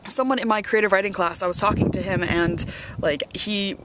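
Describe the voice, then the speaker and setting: A young woman vlogging in casual chat, excitable and rambling with many fillers, outdoors on a windy hilltop. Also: mid-range voice, brisk. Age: young adult.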